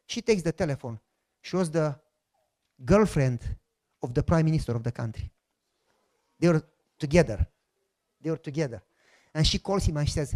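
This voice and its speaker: Romanian-accented pastor telling a lively story. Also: male voice, fairly high pitch, normal speed, long pauses. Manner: animated storyteller who acts out voices. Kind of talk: sermon testimony storytelling.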